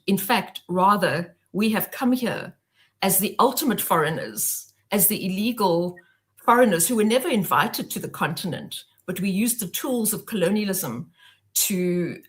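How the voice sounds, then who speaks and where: A woman's voice: on the low side, a little slow. A South African woman speaking earnestly and with passion as a guest on an online panel. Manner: earnest, impassioned, speaks in long flowing sentences.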